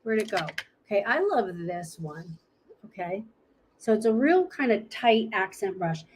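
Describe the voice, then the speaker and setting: Woman presenter, casual live makeup demo, chatty, thinks out loud, mid-pitched voice. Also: sing-song, measured pace, slight background noise. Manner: chatty, thinking aloud while searching for products.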